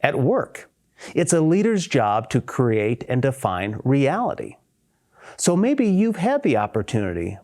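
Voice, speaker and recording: A male preacher delivers a sermon with a mellow, darker tone. He reads scripture aloud and explains it earnestly, leaning into key words with a lift in pitch.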